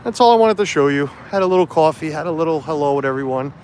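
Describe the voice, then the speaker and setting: A man's voice: on the high side, lively intonation, fast talker, darkish tone, a little hiss or hum. Chatty man livestreaming on a street. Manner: rambling, chatty, many fillers and restarts. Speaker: livestream vlogger. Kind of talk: casual livestream walkthrough. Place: outdoors on a street at a festival site. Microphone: phone camera held while walking.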